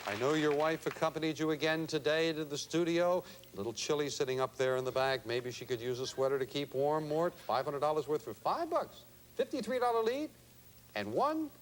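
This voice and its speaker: Upbeat, lively game show host man. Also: a little high, slight background noise. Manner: upbeat, chatty emcee. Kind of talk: lively studio banter. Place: TV studio with audience.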